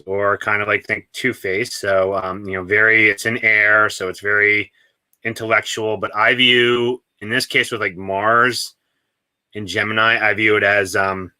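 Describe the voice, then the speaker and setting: A man's voice: on the low side, bright, forceful tone, dry recording. A man co-hosting an astrology podcast, explaining ideas casually with self-deprecating asides. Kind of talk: casual chat.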